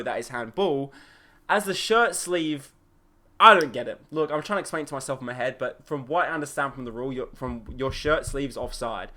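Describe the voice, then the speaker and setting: A young man hosting a solo football podcast, excitable and opinionated, with plenty of fillers. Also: on the high side. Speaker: podcast host. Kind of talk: solo football match review.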